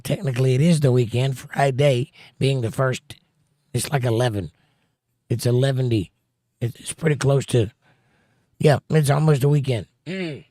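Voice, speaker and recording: A man's voice: mid-range voice, warm tone, no echo, studio quality. A man hosting a casual livestream, reading out viewer comments with a chatty, joking manner. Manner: jokey, chatty, quick to pun. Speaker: livestream host.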